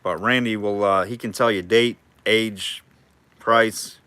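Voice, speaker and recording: A man's voice: lowish voice, fairly even intonation, slow pace, bright, forceful tone, clear, resonant tone, dry recording. A man running a live online auction, calling bids and chatting casually with viewers between lots. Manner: chatty, jokey, reads out bids and names viewers.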